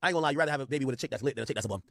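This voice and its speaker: A man's voice: mid-range voice, lively intonation, rapid-fire, gravelly, fairly bright tone, no room sound, studio quality. A man hosting a stream, reading out messages and giving blunt, slangy commentary. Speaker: stream host. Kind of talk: casual commentary reading texts aloud.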